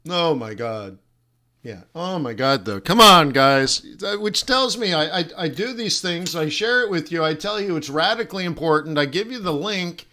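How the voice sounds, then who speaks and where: A middle-aged man hosting a live-streamed trading lesson, animated and joking, teasing his viewers as he rambles with frequent laughs and restarts. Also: sits high, normal speed. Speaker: forex trading instructor and host.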